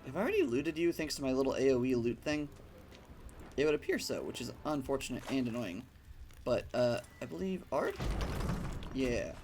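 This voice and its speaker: A man's voice: medium pitch, sing-song, normal speed, long pauses, a little mellow, soft background music. A man chatting casually while playing a video game, rambling through a story with lots of fillers and the odd swear. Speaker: gaming streamer. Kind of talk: casual let's-play commentary.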